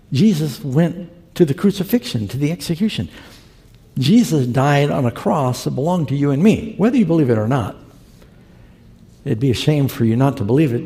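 A man delivers a sermon in a gravelly, darkly mellow voice, moving between scripture and a told story in an earnest, conversational manner. His words ring out with the long reverb of a large hall. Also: medium pitch. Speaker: preacher.

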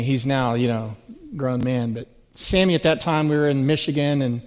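A middle-aged man preaching a sermon, telling stories with rising, swelling emphasis. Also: mid-range voice. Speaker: pastor.

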